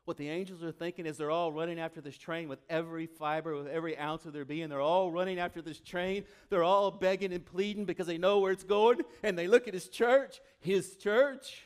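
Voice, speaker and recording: High-voiced guy pastor preaching, gets loud then goes real quiet, very animated. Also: brisk, few pauses, clear, resonant tone. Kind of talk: sermon.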